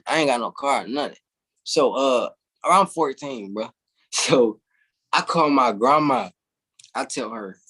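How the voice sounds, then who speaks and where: A man guest telling lively stories in a casual, slangy way, often saying "bro". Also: mid-range voice, moderate pace, vocal fry, slightly rough. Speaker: interview guest. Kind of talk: casual storytelling.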